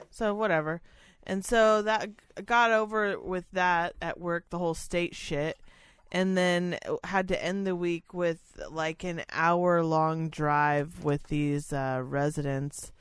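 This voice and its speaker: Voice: medium pitch, clear, resonant tone, dry recording, clean studio sound. A person telling a long work story in casual chat, swearing freely and acting out what others said. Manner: profane, rambling storyteller who acts out other people's voices. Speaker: podcast co-host and senior-living staff worker.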